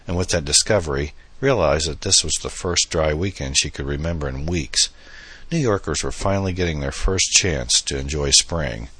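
A man giving steady, measured audiobook narration, recorded close on a studio mic. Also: a bass voice, husky, no echo.

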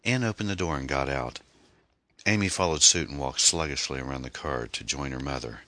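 Man, audiobook narrator, measured storytelling, very low pitch, dry close sound. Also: pushed and bright, no echo. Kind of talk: scripted narration.

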